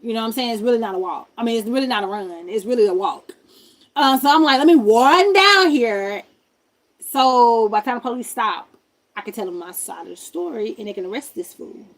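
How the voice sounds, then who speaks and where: A woman streamer telling a personal story in a casual, animated way, full of slang and talking straight to her viewers. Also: a little high, quick pace.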